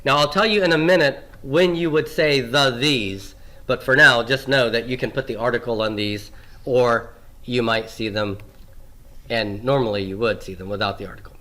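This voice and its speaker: A man's voice: medium pitch, moderate pace, bright, forceful tone. A man teaching Hebrew grammar in a classroom lecture, asking questions and answering them himself and repeating the key forms.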